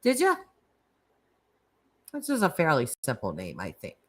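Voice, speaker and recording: A woman's voice: low voice, huge pitch swings, unhurried. A woman hosting a casual live stream, chatting and laughing as she reacts to viewer comments. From United States. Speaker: livestream host.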